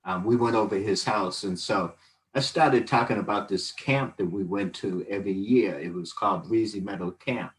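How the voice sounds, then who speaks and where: A low-voiced man in his sixties tells old stories in a loose, rambling way, full of "you know" and "um". He sounds fond and reflective, and he is picked up from a little away from the mic. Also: normal speed, far from the mic, rough recording. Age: 60s. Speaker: guest. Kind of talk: casual storytelling testimony.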